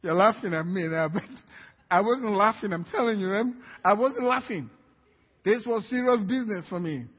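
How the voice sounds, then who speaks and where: Pastor, male, high husky voice, story-driven preaching, lo-fi recording with long hall reverb. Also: normal speed. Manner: storytelling with laughs, building to shouts. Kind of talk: sermon. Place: church hall.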